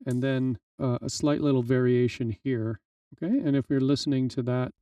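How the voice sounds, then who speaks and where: A man teaching drum programming in a relaxed, explanatory way, with frequent fillers, in a screen-recorded software tutorial. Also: medium pitch, normal speed, recorded from a distance. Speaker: music tutorial instructor.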